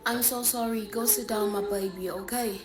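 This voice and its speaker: A woman's voice: high voice, animated, normal speed, fairly bright tone. A woman playing a strict, exasperated schoolteacher with a South African accent, scolding late pupils. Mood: gentle. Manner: scolding, demanding. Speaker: comedy skit creator. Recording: echoey room.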